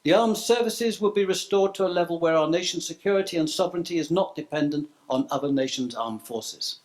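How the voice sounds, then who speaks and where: A man's voice: a little high, brisk. A middle-aged man giving a prepared speech to a conference audience, reading through a list of proposals and then going off script with stumbles and asides. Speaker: conference speaker. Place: conference room.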